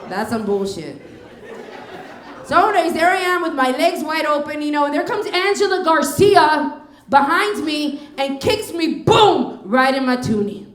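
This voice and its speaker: A middle-aged Texan woman works a club stage in a stand-up set, animatedly telling stories and acting out the dialogue. Her high voice moves a little slowly and echoes in the reverberant room as the audience laughs.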